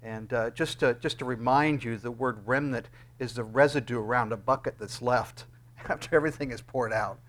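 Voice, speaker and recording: A man's voice: mid-range voice, moderate pace, fairly bright tone. Man preaching a conversational sermon. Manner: conversational preaching with fillers, rising to emphatic readings of scripture. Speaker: pastor.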